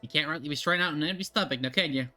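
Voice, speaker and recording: A streamer reading aloud as a gruff older male tavern keeper in a game, using a rough, folksy put-on drawl. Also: medium pitch, racing, sharp tone, soft background music, close to an everyday voice. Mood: hearty.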